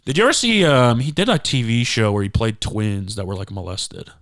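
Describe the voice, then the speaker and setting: A man's voice: mid-range voice, very animated, fairly quick, a bit bright. Playful rambling male podcast host. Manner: rambling, playful, with frequent fillers. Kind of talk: casual comedic podcast chat.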